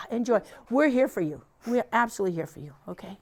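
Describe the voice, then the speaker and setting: A woman's voice: fairly high pitch, lively intonation, a little fast. A woman trainer leading a staff training session, talking in a casual, encouraging way with frequent fillers. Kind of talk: instructional talk to a staff team.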